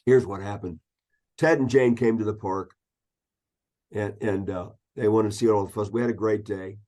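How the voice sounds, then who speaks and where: A man's voice: fairly low pitch, fairly even intonation, normal speed, dark tone. Storytelling man in his sixties. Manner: anecdotal, acts out quoted voices. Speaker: ecologist guest. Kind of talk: storytelling interview.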